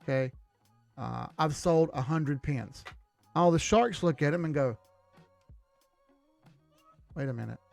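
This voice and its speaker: A man's voice: fairly high pitch, a little slow, creaky, a little mellow, no room sound, soft background music. A man teaching trading rules to viewers in an emphatic, direct way. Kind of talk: instructional talk to viewers.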